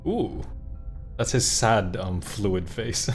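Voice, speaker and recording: A man streaming a game, reading its text aloud and reacting in an excitable, profane way. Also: lowish voice, moderate pace, music in the background. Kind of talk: let's-play commentary.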